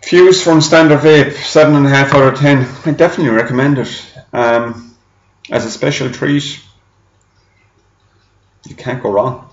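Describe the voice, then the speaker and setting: A man's voice: medium pitch, steady tone, moderate pace, pauses often, reverberant, muffled recording. A man giving a chatty, rambling product review to camera, often repeating himself. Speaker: e-liquid reviewer.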